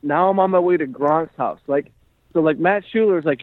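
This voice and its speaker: A male comedian and podcast host telling a story in a rambling, animated way, full of "like" and "you know". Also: fairly high pitch, normal speed, no echo. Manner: rambling, animated, heavy use of "like". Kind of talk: casual storytelling chat. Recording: dry tinny phone-like sound.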